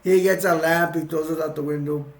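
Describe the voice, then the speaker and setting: A man's voice: on the high side, fairly even intonation, fairly quick. A man casually recapping a film scene by scene, rambling, restarting his sentences and chuckling as he goes. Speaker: film reviewer. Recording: roomy echo.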